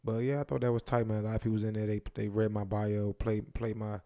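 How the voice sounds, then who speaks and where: A man's voice: on the low side, level tone, fast talker, warm tone, no echo, clean studio sound. A man co-hosting a podcast, laid-back and profane, often saying "you know what I mean". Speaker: podcast co-host. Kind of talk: casual chat.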